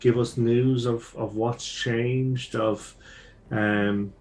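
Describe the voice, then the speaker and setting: A man speaking for his character at a tabletop game. He talks slowly and hesitantly, with many ums, in a medium-pitched voice. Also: steady tone, darkish tone. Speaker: player.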